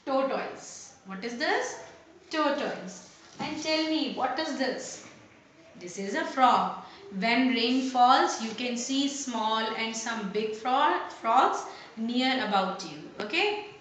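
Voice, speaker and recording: A woman teacher, giving a lesson to young children, slowly repeating each word and asking questions aloud. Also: a little high, animated, fairly bright tone. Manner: slow, repeats words and asks questions aloud. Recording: very echoey room with faint noise.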